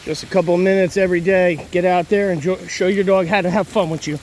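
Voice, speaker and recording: A man working as a dog trainer, outdoors in the rain, calling excited commands and praise to his dog. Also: high voice, quick pace, a little hiss or hum. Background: rain falling.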